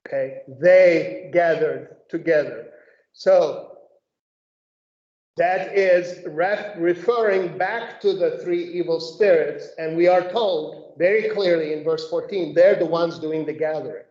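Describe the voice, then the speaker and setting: A woman leading a group Bible study, explaining slowly and methodically and often checking in with "okay?". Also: lowish voice, dark tone. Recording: echoey room, dull lo-fi sound.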